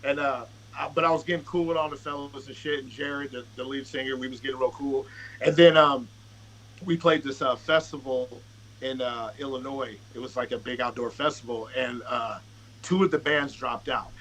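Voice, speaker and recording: A man's voice: medium pitch, normal speed, slight background noise, rough recording. A man guest on a podcast, a rapper telling a casual, profane story and acting out what people said. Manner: profane, animated, acts out quotes.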